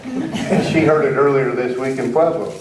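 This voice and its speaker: A man's voice: mid-range voice, moderate pace. A middle-aged American man giving a folksy, self-deprecating talk to an audience as a rancher. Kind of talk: public presentation to an audience. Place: meeting hall with an audience. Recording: roomy, distant hall recording with faint noise.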